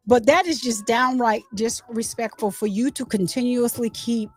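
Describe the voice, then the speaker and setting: A woman with a high voice hosts a casual commentary, retelling events with plenty of animation. She acts out what the crowds shouted and speaks with open indignation. Faint music plays behind her. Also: fairly even intonation, moderate pace, few pauses. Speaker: commentary channel host.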